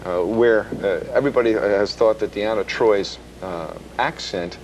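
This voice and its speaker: A man hosting a TV shopping show, pitching items and interviewing a guest, with many uhs. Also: unhurried, a little hiss or hum. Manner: smooth salesy, fills with uh. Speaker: TV shopping host. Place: TV shopping studio.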